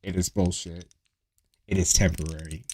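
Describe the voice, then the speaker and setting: A man's voice: low-pitched, fairly even intonation, moderate pace, darkish tone. A man hosting a live tarot stream, chatting casually with viewers, swearing freely and reading their comments aloud. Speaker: tarot reader.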